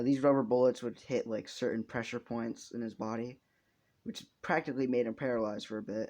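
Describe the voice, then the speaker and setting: A man's voice: mid-range voice, creaky, darkish tone, slight background noise. A young man casually making up a story as he goes, rambling, swearing often and laughing at his own jokes.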